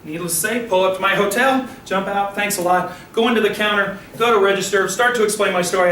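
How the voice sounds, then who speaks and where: An older man giving a motivational talk, telling a story with animated acted-out voices. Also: high voice, fast talker, hardly any pauses. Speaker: motivational speaker. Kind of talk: storytelling speech. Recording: roomy, distant mic with faint noise.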